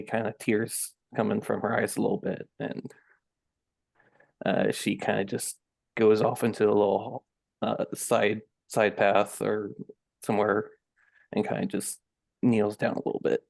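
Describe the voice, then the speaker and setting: Gravelly, slow-talking male player. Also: on the low side, no room sound. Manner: soft-spoken, describing his character's actions. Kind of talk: playing a tabletop game.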